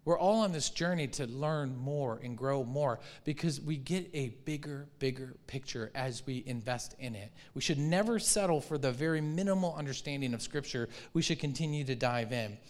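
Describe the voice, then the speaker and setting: A man preaching a sermon as pastor, animated and conversational, acting out quoted reactions and asking the congregation questions. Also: mid-range voice, moderate pace, hardly any pauses. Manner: restarts and repeats words often.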